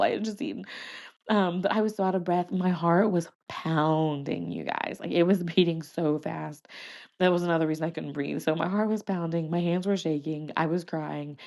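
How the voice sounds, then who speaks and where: A woman's voice: fairly low pitch, gravelly, darkish tone. A woman, hosting a podcast and telling a personal story in a chatty, emotional way, laughing and restarting often. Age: 30s. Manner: addresses listeners as y'all and you guys. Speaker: podcast host.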